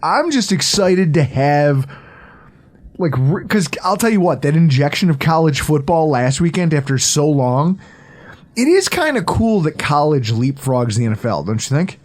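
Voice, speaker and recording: A man in his thirties hosts a loose sports podcast with a slightly raised voice. He talks excitedly, swears casually and laughs often at his own stories. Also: fairly high pitch, normal speed. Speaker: podcast host.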